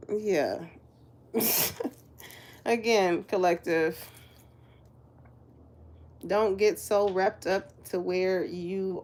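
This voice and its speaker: A woman's voice: medium pitch, darkish tone. A woman giving a casual, chatty spiritual reading to her viewers, laughing often and swearing freely. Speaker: spiritual reader.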